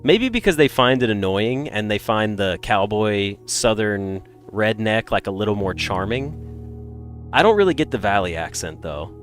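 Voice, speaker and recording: A man with an American accent, a little congested, chatting casually with viewers in a rambling, animated way. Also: fairly low pitch, a little slow, soft background music. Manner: animated, rambling, swings between loud bursts and mutters. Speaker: streamer.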